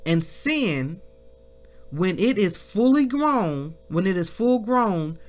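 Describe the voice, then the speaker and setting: A woman leading a devotional Bible lesson, reading scripture slowly and breaking into shouts of praise. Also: medium pitch, very animated, soft background music. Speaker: minister.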